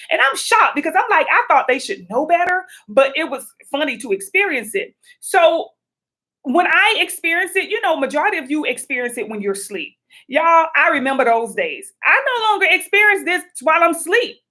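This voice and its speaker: A middle-aged woman giving spiritual advice in a chatty, animated livestream talk, calling her viewers y'all. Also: high-pitched. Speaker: spiritual vlogger.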